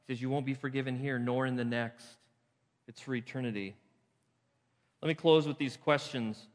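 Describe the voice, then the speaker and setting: An earnest male pastor delivers a sermon in a middle-pitched voice, swelling into emphatic peaks and settling into hushed prayer. The sound rings with a long reverb from a church sanctuary. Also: steady tone, moderate pace. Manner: earnest preaching with rising emphatic peaks and soft closing prayer.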